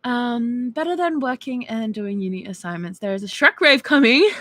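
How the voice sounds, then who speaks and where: Giggly young Australian woman, bright voice. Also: on the high side, lively intonation, normal speed. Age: 20s. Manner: chatty and giggly, lots of fillers. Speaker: streamer reading viewer texts. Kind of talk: casual chat.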